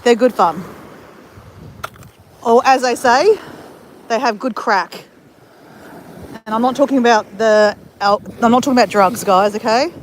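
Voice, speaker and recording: A woman's voice: a little high, unhurried, long pauses. Chatty woman, windy beach. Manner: chatty, rambling, answers viewers. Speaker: vlogger. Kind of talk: casual live-stream chat. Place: outdoors on a beach. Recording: wind buffeting the mic outdoors.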